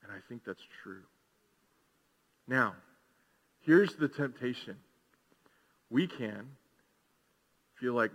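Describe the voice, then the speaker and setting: A man's voice: medium pitch, animated, takes it slowly, long pauses, fairly bright tone, breathy edge. Man preaching in an echoing hall. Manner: conversational preaching, rhetorical questions. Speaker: pastor. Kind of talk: sermon. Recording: long hall reverb.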